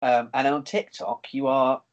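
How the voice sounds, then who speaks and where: A young man hosting a podcast, chatty, excitable and quick. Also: medium pitch, dull audio. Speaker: podcast host. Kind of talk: casual chat.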